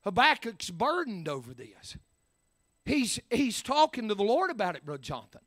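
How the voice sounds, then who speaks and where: A man preaching a sermon, swinging from quiet talk to shouting, with many "uh" fillers. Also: very high-pitched, very animated, moderate pace, no echo.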